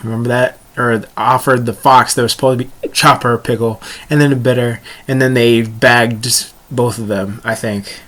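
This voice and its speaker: A man's voice: medium pitch, steady tone, moderate pace, hardly any pauses, a bit bright. A young man casually reviewing a comic chapter, rambling and often stumbling over words and restarting.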